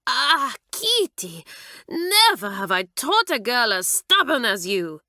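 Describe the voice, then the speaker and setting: Woman doing a schoolmistress, hot-tempered, scolding, high and lively, crisp bright tone. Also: takes it slowly, no echo, clean studio sound, exaggerated voice. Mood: exasperated. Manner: exasperated, scolding.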